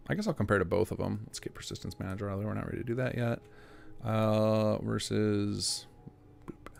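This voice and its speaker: Low gravelly man thinking aloud. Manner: thinking aloud while working, muttering to himself. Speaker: game mod developer streaming. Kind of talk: live-streamed work commentary.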